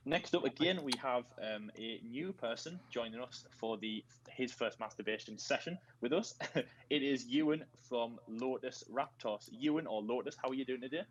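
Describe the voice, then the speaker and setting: A man's voice: medium pitch, normal speed, hardly any pauses, muffled recording, slight background noise. A man with a Northeast English accent hosting a casual group video call, joking and rambling through introductions. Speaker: host.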